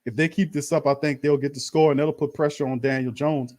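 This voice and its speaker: A man hosting a fan watch party, calling plays in a slangy, animated way and talking to his chat. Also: on the high side, brisk. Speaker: fan host doing live play-by-play. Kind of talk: excited watch-party commentary.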